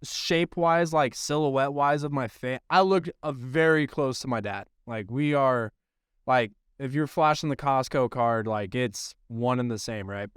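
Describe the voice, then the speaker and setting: A man's voice: medium pitch, measured pace, clear, resonant tone, no echo, clean studio sound. A man co-hosting a baseball podcast, telling a long profane story in casual chat. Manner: profane, rambling storyteller who acts out quotes. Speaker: podcast co-host, baseball coach.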